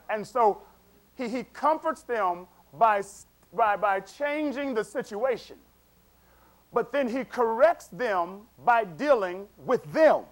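High-voiced conversational preacher. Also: male voice. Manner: conversational, chuckling asides, repeats words, checks in with congregation. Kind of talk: sermon.

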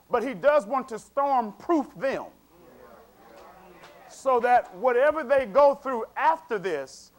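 High-voiced conversational preacher. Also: male voice, animated, takes it slowly. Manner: conversational, chuckling asides, repeats words, checks in with congregation. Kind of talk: sermon.

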